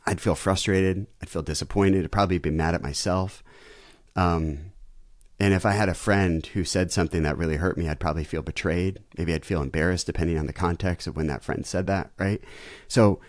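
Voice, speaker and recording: Pastor guy on a podcast, low voice, acts out family moments, dry close sound. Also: a little fast, dry recording. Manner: animated storyteller who acts out family scenes. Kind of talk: conversational interview.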